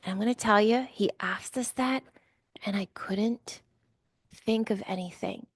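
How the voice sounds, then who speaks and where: A woman's voice: mid-range voice, measured pace, breathy edge, no room sound, clean studio sound. A middle-aged woman giving a weekly card reading, talking in a chatty, emotional way with many fillers and restarts. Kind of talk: casual spiritual talk.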